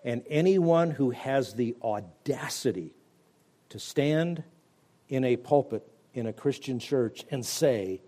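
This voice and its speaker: A man preaching a radio Bible teaching as pastor, emphatic, with loud stressed words that sink to quiet, low endings. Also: animated, takes it slowly.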